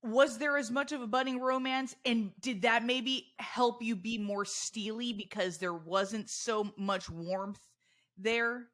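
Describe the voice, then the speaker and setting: A woman's voice: on the high side, steady tone, slow, fairly bright tone. A woman co-hosting a sales podcast in casual chat, thoughtful and explaining things step by step. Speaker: podcast co-host.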